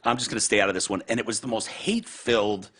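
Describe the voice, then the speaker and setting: A man's voice: on the low side, quick pace, fairly bright tone. A man hosting a podcast in casual chat, ranting heatedly and profanely and acting out other people's words. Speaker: podcast host.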